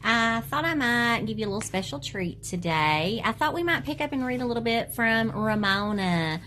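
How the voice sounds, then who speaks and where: Teacher, woman, reads children's book to class, gentle, animated, light hiss behind. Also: a little high, moderate pace. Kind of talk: reading a children's book aloud.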